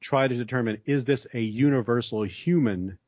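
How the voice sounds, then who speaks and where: A man's voice: mid-range voice, normal speed, a little mellow, no room sound. A man in a conversation, explaining ideas at length in a thoughtful way with frequent restarts. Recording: dry, slightly dull sound.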